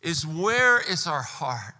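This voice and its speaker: A man preaching a sermon as pastor, emphatic, pressing hard on key words and rising to near-shouts. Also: fairly high pitch, big pitch swings, slow, big-room sound.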